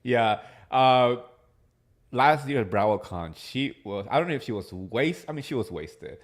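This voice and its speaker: A man's voice: medium pitch, lively intonation, measured pace. A man hosting a casual chat show, talking with enthusiastic gossip and many filler words. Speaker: podcast host.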